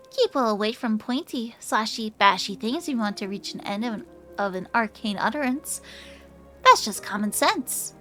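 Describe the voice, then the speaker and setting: Woman doing a pompous game mage, grandiose, mannered, lively pitch. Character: pompous, theatrical mage sibling, condescending.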